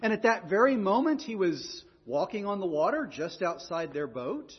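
Husky high-voiced man preaching. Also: big pitch swings, normal speed, long reverb tail, highs cut off. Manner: earnest, repeats words while preaching. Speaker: pastor. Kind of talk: sermon.

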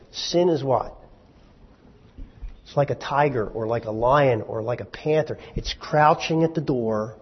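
In an echoey church hall, a man with a husky, mid-range voice gives a sermon to the assembled congregation. He talks in a wry, chatty way, full of asides and rhetorical questions, and the recording sounds dull and lo-fi.

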